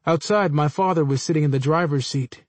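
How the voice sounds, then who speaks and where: Man reading a story, slightly high voice. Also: brisk, no echo. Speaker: narrator. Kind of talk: first-person story reading.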